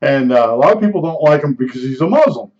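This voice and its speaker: A man's voice: on the high side, expressive, fast talker, a little mellow. An older man telling meandering stories in casual chat, often restarting sentences and chuckling at his own anecdotes. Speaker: vlogger. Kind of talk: rambling casual storytelling. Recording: dull lo-fi recording.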